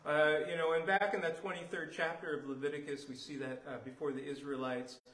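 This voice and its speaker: A man delivers a sermon as pastor in a church sanctuary, loosely discussing scripture with plenty of "you know" and "uh" until he swells into emphatic statements. His fairly high, fairly bright voice is flat and a little fast. The poor-quality audio is reverberant.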